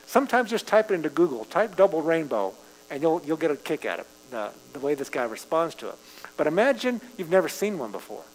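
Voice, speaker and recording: A man's voice: a little high, sing-song, quick pace. A man preaching a sermon, reading scripture and then talking it through in a conversational way, rising for emphasis. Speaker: pastor. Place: church sanctuary. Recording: live church stream with long reverb and mains hum.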